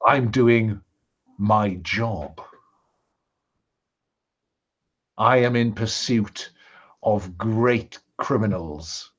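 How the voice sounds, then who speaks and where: A sly, mocking villain, as a man puts him on in a tabletop game. He drawls slowly and theatrically. The sound is dull and lo-fi. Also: fairly low pitch, fairly bright tone, slightly rough, exaggerated voice. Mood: haughty. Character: scheming male villain called the Reaper, sly and mocking.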